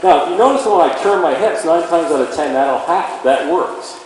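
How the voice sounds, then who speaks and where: Male horse trainer, slightly higher voice, casual teaching; very echoey hall, faint background noise. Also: lively intonation, brisk. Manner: talks to the horse while explaining. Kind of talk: instructional demonstration. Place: indoor riding arena.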